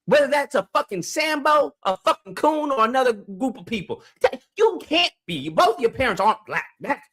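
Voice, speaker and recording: A man's voice: extremely high pitch, very animated, normal speed. Furious swearing man ranting. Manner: profane, angry, shouting rants. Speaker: livestream call-in host. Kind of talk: heated call-in debate.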